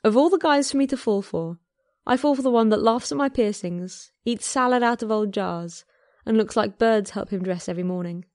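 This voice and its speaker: A woman voicing a flirtatious, tattooed and pierced man who talks softly and playfully in a story reading. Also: a little high, moderate pace, no room sound, clean studio sound, lightly acted. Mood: teasing.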